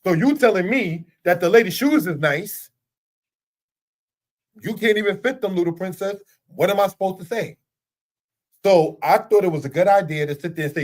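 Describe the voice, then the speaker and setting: A man's voice: high voice, normal speed, long pauses. A middle-aged man teaching a religious lesson in an earnest, repetitive way, full of rhetorical questions. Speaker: Torah teacher. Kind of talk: spoken teaching monologue.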